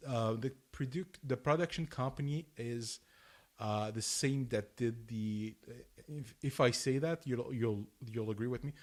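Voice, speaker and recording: A man co-hosting a podcast, reading notes aloud in a halting, restart-filled way. His voice has an ordinary middle pitch. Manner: halting, many restarts, laughs easily. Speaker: podcast co-host. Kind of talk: casual chat.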